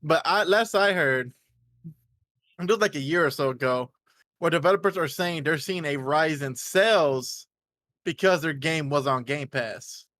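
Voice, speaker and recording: A young man co-hosting a casual gaming chat, halting and stammering as he asks questions. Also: a little high, fairly bright tone, dry recording. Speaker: podcast co-host.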